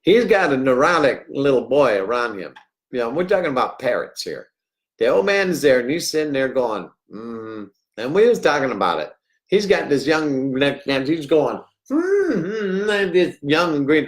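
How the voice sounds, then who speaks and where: Rambling, lively middle-aged man. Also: medium pitch, moderate pace. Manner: rambling, jokey, swings between loud and hushed. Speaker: livestream host. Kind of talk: rambling livestream talk.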